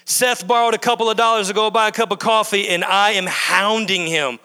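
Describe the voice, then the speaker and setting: A male pastor's sermon comes in a high, bright, forceful voice that's brisk and clean, with fairly even intonation. Repeating his points and building in bursts, he fills the church sanctuary, where a long hall reverb carries his words.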